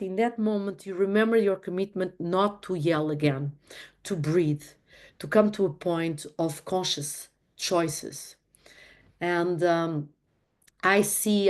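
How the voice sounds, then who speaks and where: Earnest low-voiced woman teaching. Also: a little mellow. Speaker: host leading a relationship talk. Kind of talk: reflective teaching talk.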